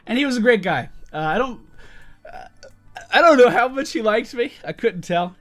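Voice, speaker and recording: A man's voice: very high-pitched, expressive, moderate pace, a bit bright, soft background music. A man telling a story in a casual vlog, wry and self-mocking, who swears freely. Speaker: YouTuber.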